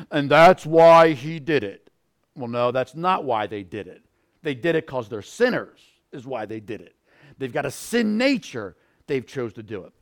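A male pastor preaching a sermon, animated, acting out little scenes and bursting into shouts. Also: a little high, vocal fry. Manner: animated, acts out scenarios, sudden shouts.

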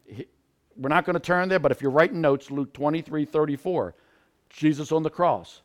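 A male pastor preaching a sermon, animated, acting out little scenes and bursting into shouts. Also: on the high side, normal speed. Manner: animated, acts out scenarios, sudden shouts.

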